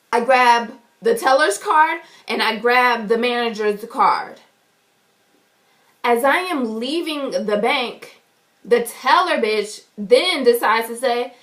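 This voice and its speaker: A woman vlogger telling an animated, indignant story to the camera. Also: a little high. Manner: animated, indignant, acts out quotes loudly. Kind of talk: storytime vlog.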